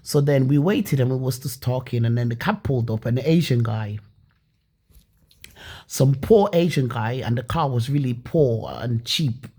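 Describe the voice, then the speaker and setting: Husky-voiced woman telling a rambling story. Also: rumbling low, moderate pace. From Leeds, England. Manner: rambling and animated, many restarts and swearing. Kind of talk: casual personal storytelling.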